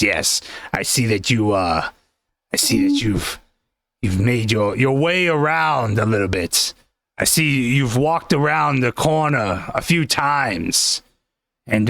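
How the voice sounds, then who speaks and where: A man voicing a touchy, grandiose male fortune teller, making slow, solemn pronouncements and snapping commands in a comedy bit. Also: medium pitch, a bit bright, no echo, clean studio sound, pitched below the performer's own voice. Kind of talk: comedic improv character.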